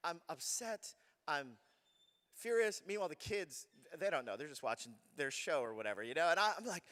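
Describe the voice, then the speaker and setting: A man in his thirties preaches with lively storytelling, acting out moments where he shouts in frustration. His voice is a touch high and bright. A long reverb from the church hall trails behind every word. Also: normal speed. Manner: animated storytelling, acts out his own angry shouting. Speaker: pastor. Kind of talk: sermon with a personal story.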